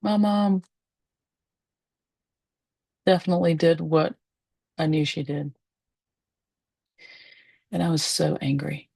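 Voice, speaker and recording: A woman with a low, husky, gravelly voice tells her own story to the camera from a chair at home. She speaks candidly and with feeling, pausing often and letting soft laughs slip through. The sound is close and dry. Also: no room sound. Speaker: medium and spiritualist. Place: at home, seated in a rocking chair.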